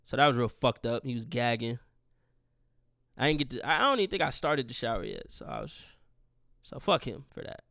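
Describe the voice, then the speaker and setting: A man's voice: mid-range voice, gravelly, fairly bright tone, dry recording, studio quality. A man in his twenties hosting a podcast, telling a rambling, profane, grieving story in a casual monologue. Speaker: podcast host.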